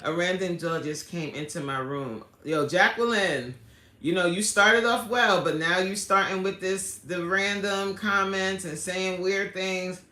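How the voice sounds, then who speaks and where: Woman, livestream host, animated slangy chat, bright forceful voice, roomy echo. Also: on the low side, unhurried. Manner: animated and chatty, laughs a lot, slangy street talk. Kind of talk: casual live chat, reading out viewer comments. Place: indoor room at home.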